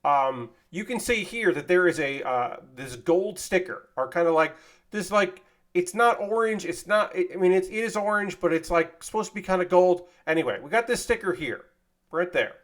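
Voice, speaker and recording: Casting: friendly male streamer, slightly high voice, loose chatty delivery, talks to chat while building. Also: expressive, normal speed, a bit bright. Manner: chatty, thanks viewers by name, self-deprecating asides. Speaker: streamer building model kits. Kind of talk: casual livestream chat.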